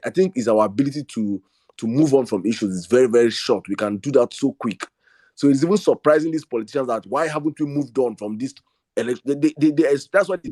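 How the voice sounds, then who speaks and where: With a medium-pitched, slightly mellow voice in echo-free studio-quality audio, a man with a Nigerian accent leads a live online audio room. His talk is fervent and rallying, full of repeated words, restarts, and lapses into Pidgin.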